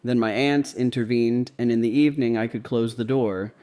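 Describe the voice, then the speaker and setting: Mellow man reading a diary aloud. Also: mid-range voice. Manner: calm, measured first-person reading. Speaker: narrator. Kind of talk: scripted reading of a devotional diary.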